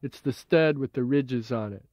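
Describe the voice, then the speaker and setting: A man voicing a relaxed, slangy tug pilot in an audiobook, heard as dull old tape. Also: mid-range voice, normal speed, no echo, lightly acted. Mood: easygoing.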